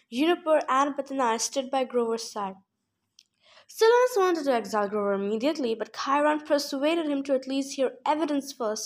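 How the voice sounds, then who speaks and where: A woman giving a plain, steady audiobook narration of a novel chapter. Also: a little high. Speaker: audiobook reader.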